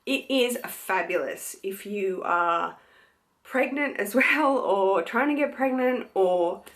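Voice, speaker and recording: An Australian woman in her young adult years talks to her camera in a relaxed, unhurried way. She gushes over what she shows and leans on fillers, in a mid-range voice. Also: medium pitch. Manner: chatty, gushing, many fillers. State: pregnant. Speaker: beauty vlogger. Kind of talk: casual chat to camera.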